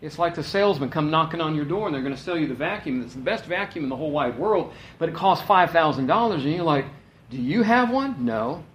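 A man's voice: a little high, fast, hardly any pauses, a bit bright, reverberant. A man preaching a sermon in a conversational, folksy way, with asides and stories. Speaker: pastor.

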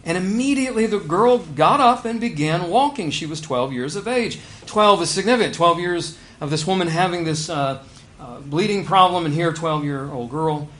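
A man preaching a sermon, swinging between loud emphasis and quiet asides and asking his listeners rhetorical questions. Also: on the high side, moderate pace.

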